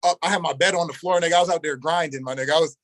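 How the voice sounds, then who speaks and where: A young man spins a long story as an interview guest, animated and full of street slang, and he acts out every quoted line. His voice sits a little high for a man. The sound is dry and close. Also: rapid-fire, no echo, low-quality recording. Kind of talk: casual storytelling.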